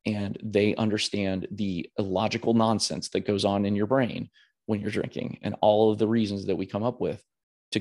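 A man's voice: fairly low pitch, darkish tone. A man hosting a podcast, talking candidly in a rambling, earnest way with many restarts. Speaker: podcast host.

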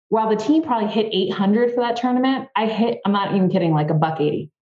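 Woman, animated storytelling, lots of "like", echoey room, slightly muffled sound. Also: medium pitch, fast talker, few pauses. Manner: animated, fillers with "like", acts out her own thoughts. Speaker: podcast guest, former softball player. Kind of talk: casual interview storytelling.

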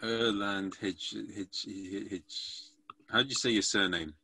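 A man with a bright, forward voice hosts a comedy podcast over a video call. He rambles playfully and teases his guests. The sound is close and dry. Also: lowish voice, takes it slowly, no echo. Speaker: podcast host. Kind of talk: casual comedy podcast chat.

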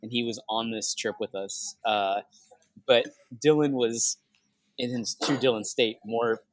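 A man's voice: medium pitch, unhurried, no room sound. A young man hosting a casual podcast chat, telling stories with laughs along the way. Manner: laughing, animated storytelling. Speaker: podcast host.

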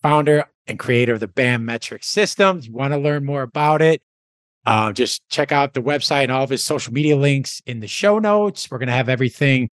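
A man's voice: medium pitch, animated, a little fast, no echo, studio quality. A man hosting a podcast, wrapping up with an upbeat, friendly sign-off. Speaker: podcast host. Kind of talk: podcast outro.

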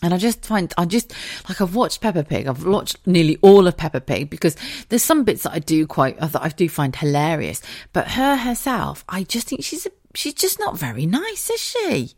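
A woman's voice: fairly low pitch, sing-song, moderate pace, darkish tone, dry recording, studio quality. A young mother chatting casually, laughing often and swearing freely. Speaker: podcast host, parent. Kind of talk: casual chat.

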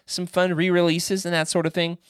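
Rambling, animated male podcast host. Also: sits high, fairly quick, clear, resonant tone, dry recording, studio quality. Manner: rambling anecdotes with restarts and animated quoted voices. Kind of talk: casual chat.

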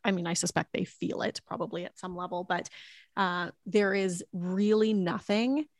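A woman's voice: on the low side, steady tone, moderate pace, dry recording, studio quality. A woman talking earnestly and emotionally about motherhood in a heartfelt podcast conversation, reflective and prone to restarts. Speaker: mother sharing her story.

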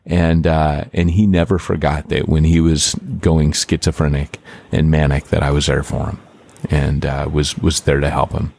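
Deep-voiced man, animated podcast host. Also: normal speed, creaky. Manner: animated, filler-heavy, lots of "like" and restarts. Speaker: podcast host and church planter. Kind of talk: casual podcast chat.

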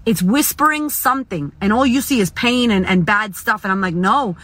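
A woman's voice: medium pitch, animated, a little fast, a bit bright, dry recording. A woman giving a blunt, profane motivational monologue from her car. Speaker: motivational speaker.

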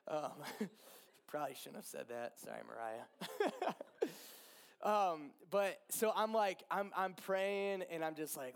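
A man in his thirties, a pastor, telling an emotional personal story from the pulpit with lots of laughter and animated retelling. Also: fairly high pitch, slow pace, creaky, long pauses, clean tone. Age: 30s. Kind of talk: sermon storytelling.

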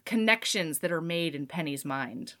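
A woman hosting a casual chat, retelling a story with lively asides and quick character voices. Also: low-pitched. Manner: animated storyteller acting out characters' lines. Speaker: podcast host recapping a book.

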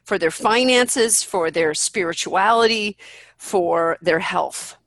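A woman's voice: mid-range voice, slow, a bit bright, dry recording. A woman guest in a candid interview, talking bluntly and with animation, swearing freely and acting out what people say. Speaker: podcast guest.

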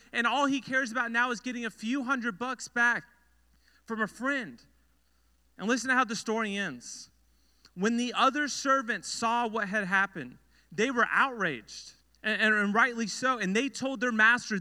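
A young youth pastor preaches to students, telling a story with earnestness and repeating phrases for emphasis. His voice is very high, sharp, and clean. The recording carries a long hall reverb.

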